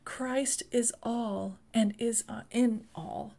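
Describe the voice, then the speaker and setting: A woman's voice: fairly high pitch, fairly even intonation, slow, vocal fry, dark tone. Fervent woman preaching a sermon. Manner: fervent, repeats phrases and rises into passionate exhortation.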